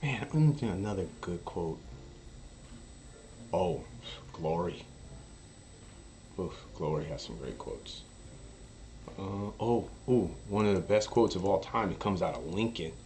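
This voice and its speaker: A man streaming poker and chatting casually, an animated storyteller who acts out quotes. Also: sits low, unhurried, long pauses, slight background noise. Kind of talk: casual chat while streaming. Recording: faint music behind. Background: faint music.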